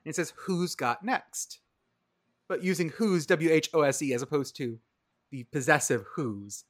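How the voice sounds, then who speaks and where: A man in his thirties co-hosting a casual podcast chat, animated and profane, often laughing. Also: on the high side, a little fast. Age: 30s. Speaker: podcast co-host.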